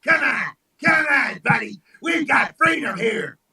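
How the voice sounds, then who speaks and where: A man putting on a boastful, goading small-time tough guy who shouts his challenges. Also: very high voice, expressive, measured pace, vocal fry, slightly rough, distant mic, heavily acted. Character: blustering loudmouth state as small-time male tough.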